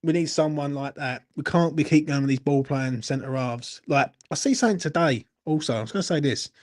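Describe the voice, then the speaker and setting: Sweary tipsy football fan. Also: male voice, on the high side, fairly quick. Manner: blunt, sweary, rambling. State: drinking, a little tipsy. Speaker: football channel host. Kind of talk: late-night live Q&A, reading chat comments.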